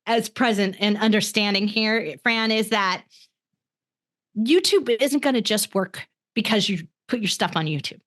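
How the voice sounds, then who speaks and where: A woman's voice: mid-range voice, measured pace, fairly bright tone. A woman co-hosting a live podcast episode, talking in an upbeat way and laughing often. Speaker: podcast co-host. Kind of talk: casual chat.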